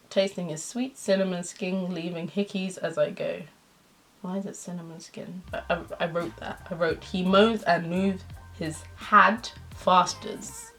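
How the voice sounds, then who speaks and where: Low-voiced young woman, giggly and embarrassed. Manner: laughing, embarrassed, self-mocking asides. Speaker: vlogger. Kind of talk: reading old fan fiction aloud with commentary.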